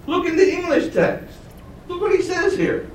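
A man's voice: extremely high pitch, very animated, moderate pace, echoey room, recorded from a distance, slight background noise, rough recording. A man preaching a sermon, teaching with rhetorical questions and asking his congregation to follow along. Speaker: pastor.

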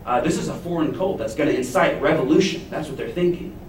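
Man preaching, expressive storyteller, roomy echo, distant mic, faint ambience. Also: on the high side, fast, slight background noise. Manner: expressive, acts out the jailer's panic in a paraphrase. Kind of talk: sermon. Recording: echoey room, heard from a distance.

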